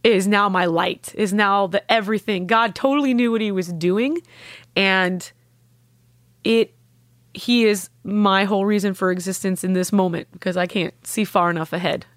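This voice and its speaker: A woman's voice: medium pitch, steady tone, normal speed, no room sound. Young woman telling a personal story, earnest and heartfelt, does the voices of people she quotes, dry close sound. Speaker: guest sharing a personal story.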